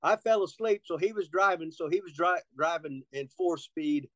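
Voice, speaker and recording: A man's voice: a little high, moderate pace, a bit bright, dry recording, lo-fi sound. A man telling rambling, profane stories as a guest in a casual interview, laughing often.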